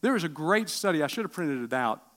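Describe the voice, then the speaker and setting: A middle-aged man preaching a sermon, asking the room questions and swinging from loud bursts to hushed lines. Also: on the high side, quick pace. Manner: animated preaching with rhetorical questions and sudden drops to quiet. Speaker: pastor.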